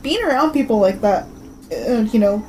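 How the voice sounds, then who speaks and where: Chatty woman on a podcast, kinda high voice, laughs a lot, slight hiss behind her. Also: expressive, normal speed, a little mellow, low-quality recording. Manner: chatty, laughs often, acts out quoted people. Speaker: podcast co-host. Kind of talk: casual chat.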